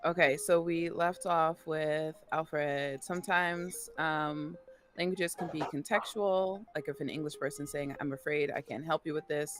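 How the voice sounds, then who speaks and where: A woman from the United States, a guest on a casual live-stream chat, talking in an animated way, acting out quotes and laughing often. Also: deep voice, a little slow.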